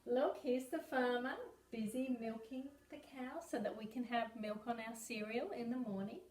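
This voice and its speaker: Woman teacher, Australian accent, slow exaggerated sing-song, whispered asides, fairly high voice, echoey room, off-mic. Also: fairly even intonation, a little mellow, distant mic, a little hiss or hum. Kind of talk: early-years animal sounds lesson.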